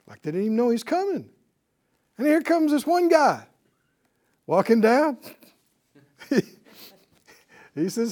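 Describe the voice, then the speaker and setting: A man teaching a Bible class, telling the story in an animated way and chuckling often. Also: very high-pitched, takes it slowly, long pauses.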